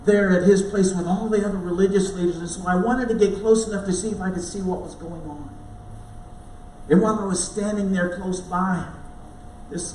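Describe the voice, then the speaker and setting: High-voiced man acting out a Bible story. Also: a little hiss or hum. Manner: halting, repeats words while storytelling. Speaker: church speaker. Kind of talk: dramatic first-person Bible monologue. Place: church sanctuary. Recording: echoey room, voice from far off.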